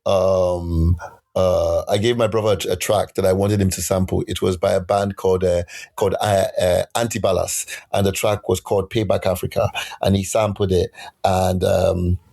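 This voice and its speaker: A man, a musician and poet, telling stories in a casual interview, animated and acting out quotes in other voices. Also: low voice, normal speed, vocal fry. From United Kingdom. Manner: animated, laughing, acts out quotes in shifting voices.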